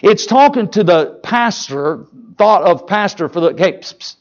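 A man preaching a sermon in a church, in a folksy, animated way, often asking the congregation questions. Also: high voice, measured pace, muffled recording. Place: church sanctuary.

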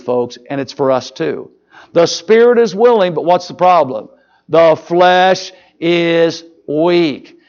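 A man preaching a sermon in a church, in a folksy, animated way, often asking the congregation questions. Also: high-pitched, muffled recording. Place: church sanctuary.

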